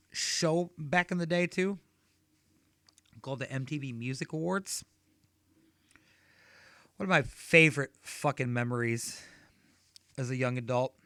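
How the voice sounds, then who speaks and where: Profane rambling stand-up comic. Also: male voice, mid-range voice, pushed and bright, clean tone, no echo. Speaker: stand-up comedian. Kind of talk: stand-up comedy set.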